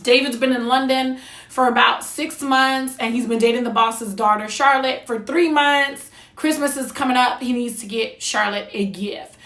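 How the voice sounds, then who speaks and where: A high, bright-voiced woman from New Jersey talks through a movie review with blunt, sassy opinions. Her voice rings out in an echoey room. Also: fairly even intonation, normal speed. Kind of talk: casual review monologue.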